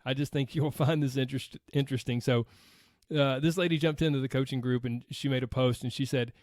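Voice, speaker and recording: A man's voice: mid-range voice, steady tone, fairly quick, a little mellow, no echo, clean studio sound. A man with a Southern US accent hosting a weight loss podcast, chatting casually and reading listener posts aloud with a friendly laugh.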